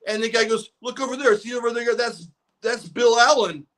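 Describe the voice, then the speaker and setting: An excitable man co-hosting a casual podcast, full of laid-back slang. His voice is very high with a bright, sharp edge. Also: moderate pace. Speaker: podcast co-host.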